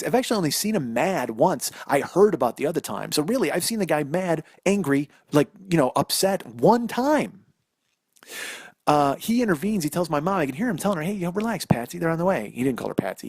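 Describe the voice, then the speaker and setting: A man's voice: a little high, big pitch swings, brisk, husky, dry recording, clean studio sound. A man in his forties hosting a podcast, telling a personal story in a rambling, self-deprecating, profane way, recorded on a phone. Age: 40s. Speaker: podcast host. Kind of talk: solo storytelling monologue.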